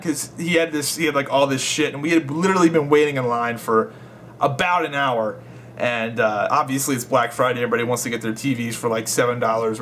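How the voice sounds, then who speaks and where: A man's voice: on the high side, a bit bright, slight background noise. A young man telling a rambling, swear-filled story in a casual vlog. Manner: rambling, swears a lot, laughs while telling. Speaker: gaming vlogger.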